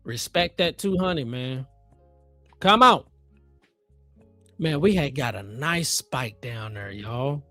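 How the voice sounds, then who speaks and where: A man hosting a live futures trading stream, excitedly pleading with the chart and chatting with viewers. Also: mid-range voice, takes it slowly, long pauses, no echo, faint music behind. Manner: chatty with viewers, asks for likes. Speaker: livestream host and futures trader.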